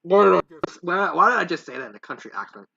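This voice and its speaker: A man's voice: high-pitched, lively intonation, fast, creaky, bright, forceful tone, highs cut off, a little hiss or hum. A man reading fanfiction aloud, rambling and stumbling over words, with self-mocking asides. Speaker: fanfiction reader. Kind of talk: casual story reading with asides.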